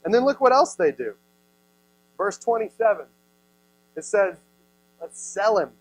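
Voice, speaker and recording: A man's voice: high voice, very animated, a little slow, no echo, rough recording. A man in his thirties, a youth pastor, giving a playful sermon and acting out the people in the story. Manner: playful, acts out voices, many "like"s. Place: youth service room.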